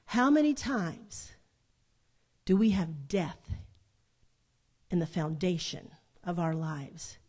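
A middle-aged woman, preaching a sermon built on a personal story, animated, with dramatic pauses and repetition. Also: on the low side, breathy edge.

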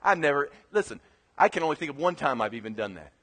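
A man preaching as pastor in a sermon, animated, swinging from quiet asides to loud emphatic bursts. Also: a little high, fast, big-room sound.

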